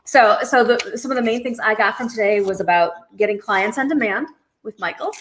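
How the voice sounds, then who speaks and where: A woman's voice: on the high side, fairly quick, slight background noise. Upbeat woman hosting a chat. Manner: upbeat, affirming. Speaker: host. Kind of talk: casual chat.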